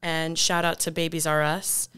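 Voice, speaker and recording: A woman's voice: low-pitched, little pitch movement, moderate pace, fairly bright tone, slight background noise. A woman co-hosting a podcast in a chatty casual way. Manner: chatty, laughing easily. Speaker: podcast co-host.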